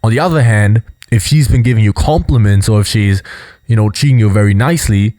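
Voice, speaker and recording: A man hosting a casual video commentary, explaining in a relaxed way with lots of fillers. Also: fairly low pitch, brisk, no room sound, studio quality. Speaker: host.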